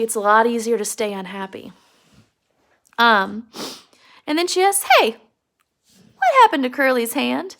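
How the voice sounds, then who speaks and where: A woman teacher giving an earnest, casual recap of a novel chapter. Her voice is fairly high with a strong gravelly fry. She talks emphatically and fills pauses with "um". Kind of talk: casual literature lesson recap.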